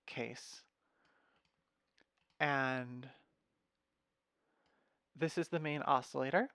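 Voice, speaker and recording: A young man casually walking through his music software patch, thinking aloud with fillers and wry asides, recorded at his computer. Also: a little high, clean tone, dry recording, clean studio sound. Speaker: music software tutorial host. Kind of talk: casual screen-share walkthrough.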